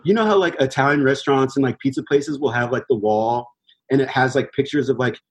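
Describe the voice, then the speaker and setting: A man's voice: mid-range voice, a little fast, slightly rough, low-quality recording. A young man telling a rambling story about his band in a casual, laid-back chat. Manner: laid-back, rambling, heavy fillers, swears freely. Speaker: touring band musician.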